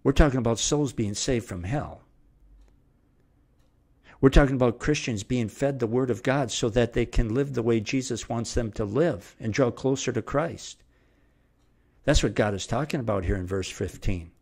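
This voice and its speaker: A man's voice: mid-range voice, moderate pace, a little mellow. Middle-aged male preacher, mid-range voice, emphatic and repetitive sermon delivery. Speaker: preacher and Bible teacher. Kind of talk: verse-by-verse sermon.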